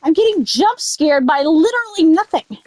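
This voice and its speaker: A woman's voice: extremely high pitch, lively intonation, normal speed, a little mellow, no room sound. A woman chatting casually while playing a game, rambling, drifting into silly riffs and swearing at it in sudden angry outbursts. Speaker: gaming streamer. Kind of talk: casual let's-play chat.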